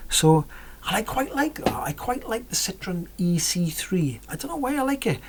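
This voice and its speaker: A woman's voice: mid-range voice, very animated, normal speed, breathy edge. A woman vlogging about cars in a rambling, chatty way, often correcting herself and dropping into whispered asides. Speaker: car vlogger. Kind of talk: casual chat about cars.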